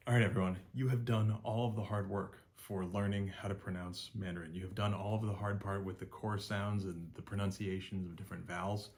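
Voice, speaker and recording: Deep-voiced man teaching pronunciation. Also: darkish tone. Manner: encouraging, demonstrates tones with big pitch swings. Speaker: Mandarin teacher. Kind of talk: video language lesson.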